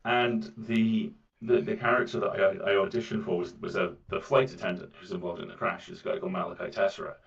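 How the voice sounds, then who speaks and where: A man with a British accent and a soft, mellifluous voice chats casually as an interview guest, often repeating words as he goes. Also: on the low side, steady tone, a little fast, few pauses. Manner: rambling, with frequent repeats of words. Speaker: voice actor guest. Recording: muffled, distant mic.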